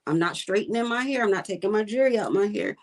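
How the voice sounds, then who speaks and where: A woman's voice: medium pitch, lively intonation, fast talker. Blunt, emphatic woman fisherwoman guest. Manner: blunt, emphatic, repeats her points. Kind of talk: casual interview talk.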